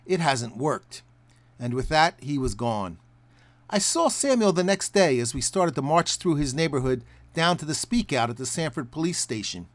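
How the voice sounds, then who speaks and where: A man narrating a documentary report in a measured storytelling way. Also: on the high side.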